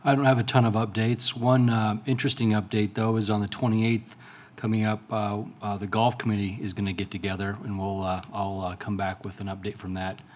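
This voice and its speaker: A low, flat-voiced man on a city council speaks in a halting way, full of fillers. A faint room hum sits behind him in the council chambers. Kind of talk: casual meeting update.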